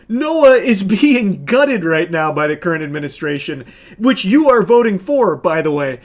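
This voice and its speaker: A man's voice: sits high, sing-song, moderate pace. A man streaming casual reaction commentary, sarcastic and exasperated, swearing often as he picks apart a clip.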